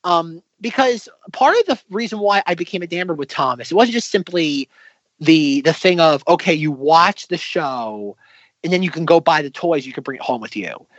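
A man's voice: a little high, moderate pace, no room sound. Podcast guy rambling on tangents, dry close sound, bit muffled. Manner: rambling, animated, tangent-prone. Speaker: podcast co-host. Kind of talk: casual chat.

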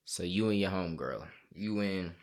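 A man's voice: deep voice, expressive, moderate pace, a little mellow. A man in playful banter with his wife, telling a teasing story with laughs and mock voices. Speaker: husband playing an improv game.

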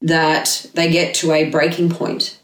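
A woman guest talking about dog behaviour, an animated storyteller in casual chat who swears freely. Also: low-pitched, slow, roomy sound, recorded from a distance, low-quality recording.

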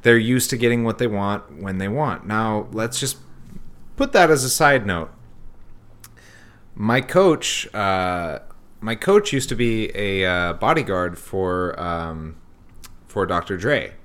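Male co-host, lowish voice, opinionated and profane, casual podcast banter. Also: expressive, slow, fairly bright tone. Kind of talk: casual chat.

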